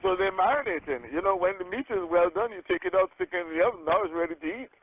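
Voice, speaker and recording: A man leading a group call as a sales coach, giving an energetic motivational talk, checking in with "okay?" and acting out phone conversations. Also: high voice, quick pace. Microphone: telephone. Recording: tinny phone line.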